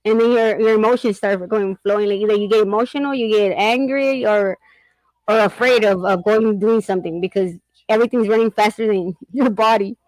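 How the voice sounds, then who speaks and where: A woman's voice: medium pitch, steady tone, fairly quick, darkish tone, no room sound, rough recording. A middle-aged woman chatting casually and rambling, often laughing as she tells stories about her son. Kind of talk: casual chat.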